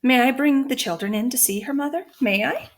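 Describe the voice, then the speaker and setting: A woman voicing an excited young girl who asks eager questions, reading a children's storybook aloud. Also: sits high, fairly quick, pitched above the performer's own voice.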